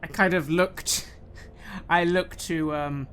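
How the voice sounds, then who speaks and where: A player in a tabletop horror game who speaks hesitantly and softly, stammering over words. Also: mid-range voice, steady tone, slow pace, a little hiss or hum. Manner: hesitant, stammering, soft-spoken. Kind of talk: playing a character in a tabletop game.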